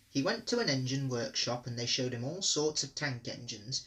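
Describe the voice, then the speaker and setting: A man reading children's railway stories aloud in steady, clear narration. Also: medium pitch, moderate pace, slight background noise, low-quality recording. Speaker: reader. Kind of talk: storybook reading.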